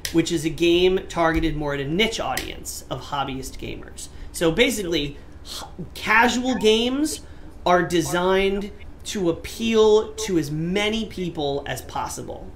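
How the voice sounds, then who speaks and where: A man's voice: sits high, a bit bright, a little hiss or hum. A man co-hosting a casual gaming podcast, talking in a playful, teasing way and drawing words out for emphasis. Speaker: podcast co-host. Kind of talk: casual chat.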